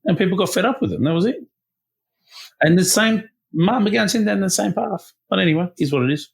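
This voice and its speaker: An Australian man co-hosting a podcast, insistent and quick to jump in during casual chat. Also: sits high, lively intonation, gravelly. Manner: quick, insistent, keeps interjecting. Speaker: podcast co-host.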